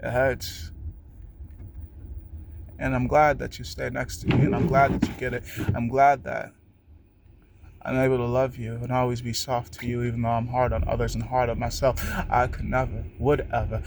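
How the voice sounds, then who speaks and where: A man's voice: mid-range voice, flat delivery, fairly quick, gravelly, background noise. A young man in a rambling, emotional spoken-word monologue. He swears freely and speaks straight to someone he loves. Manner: earnest, emotional, profane, talking to a loved one. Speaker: vlogger.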